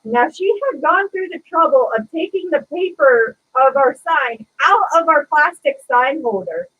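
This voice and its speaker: A woman co-hosting a casual podcast, telling a sarcastic retail story in a lively, chatty way. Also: sits high, lo-fi sound, slight background noise. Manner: animated, sarcastic retelling of a retail customer. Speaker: podcast co-host.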